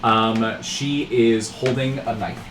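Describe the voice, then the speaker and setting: A man's voice: medium pitch, steady tone, slow. A young man running a tabletop game as game master, narrating loosely with many fillers. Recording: roomy, distant mic with faint noise.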